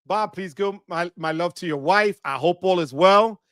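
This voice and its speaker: Male live stream host, high and bright-toned, dry close sound, energetic shout-outs to viewers. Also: moderate pace, clear, resonant tone, no room sound. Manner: enthusiastic, shouts "wepa" often.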